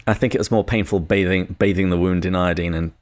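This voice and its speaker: A British man co-hosting a podcast, talking through a novel in a measured way and reading passages aloud. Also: low voice, steady tone. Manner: measured, reads quotations aloud. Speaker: podcast co-host. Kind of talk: casual book discussion.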